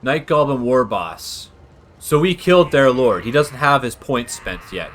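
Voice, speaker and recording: A man's voice: medium pitch, lively intonation, measured pace, fairly bright tone, slight background noise. A young man, chatting casually over strategy gameplay and drifting into long tangents. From Canada. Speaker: gaming channel host.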